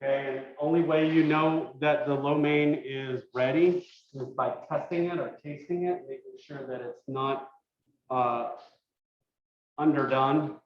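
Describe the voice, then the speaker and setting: A cooking instructor speaking a little high and a little slowly runs an online class from his kitchen over a video call, the audio roomy and lo-fi. Relaxed, he thinks aloud as he explains, filling his speech with many fillers.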